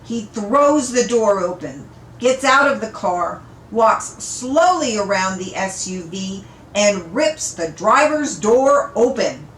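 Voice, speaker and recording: A woman reading a novel aloud in an unhurried, amused storytelling manner, in an echoey room. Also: medium pitch, expressive, fairly bright tone, slight background noise. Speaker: audiobook reader. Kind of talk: read-aloud story narration.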